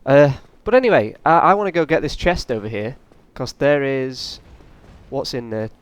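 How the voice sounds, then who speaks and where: A man's voice: mid-range voice, moderate pace, smooth, dry recording, muffled recording. A man doing casual, rambling let's play commentary, often taunting the enemies on screen. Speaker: gaming channel host.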